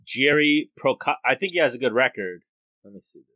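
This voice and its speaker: A man's voice: mid-range voice, animated, brisk, sharp tone, dry recording. A man co-hosting a podcast, laid-back, reading out fight stats in casual chat.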